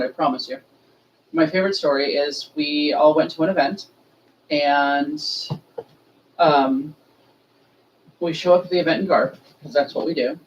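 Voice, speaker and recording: A woman leading a remembrance ritual, telling stories casually and acting out the voices of the people in them. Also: sits low. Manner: animated, acts out quoted voices, laughs often. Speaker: ritual leader and storyteller. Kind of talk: casual storytelling. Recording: dull distant audio with faint noise.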